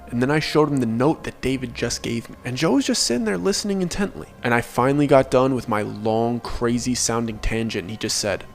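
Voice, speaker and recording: A young man telling a personal story to his channel in an earnest, conversational way, with frequent filler "like". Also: medium pitch. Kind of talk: casual first-person storytelling.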